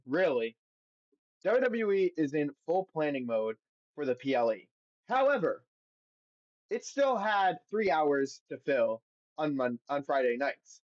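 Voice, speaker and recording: A man's voice: a little high, no room sound, highs cut off. A man hosting a podcast on his own, reading results aloud and then giving blunt, profane opinions in a casual recap. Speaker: podcast host.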